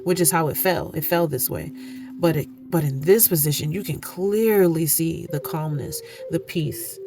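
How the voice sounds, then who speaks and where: In an indoor room lit by candles, a spiritual card reader gives an oracle card reading. Her deep voice moves at a moderate pace, earnest and preachy, repeating phrases for emphasis.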